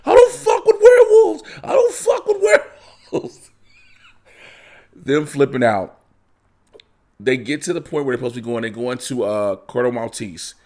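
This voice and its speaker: A man reviewing a film in a casual, animated way, acting out the characters as he retells the story. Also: on the low side. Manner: animated storytelling, acts out characters, frequent laughter and profanity.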